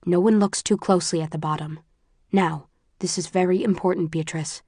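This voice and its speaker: A woman voicing a calm, gentle middle-aged mother who speaks in a measured, restrained way, in an audiobook reading. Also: fairly low pitch, no room sound, studio quality, close to an everyday voice.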